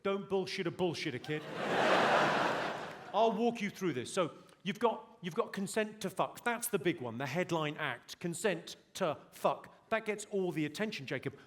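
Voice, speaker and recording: A man's voice: high-pitched, lively intonation, moderate pace, a little hiss or hum. A man doing stand-up on a big theater stage, lecturing an audience member in a dry, mock-stern way. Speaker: stand-up comedian. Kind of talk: stand-up comedy set. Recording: live show with loud crowd laughter.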